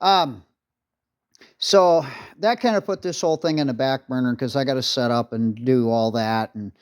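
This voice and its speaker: A man's voice: mid-range voice, normal speed, smooth. Blunt rambling man in a workshop. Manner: blunt, rambling, swears when irritated. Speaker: restoration video maker. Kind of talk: casual workshop walkthrough.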